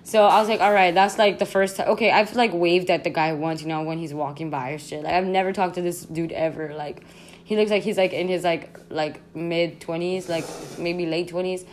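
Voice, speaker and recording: A young woman hosting a podcast, telling a story in a casual, animated, slangy way, full of "like" and swearing. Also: fairly low pitch, fairly quick, slight background noise. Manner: animated, slangy, constant "like", swearing, laughs often. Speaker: podcast host.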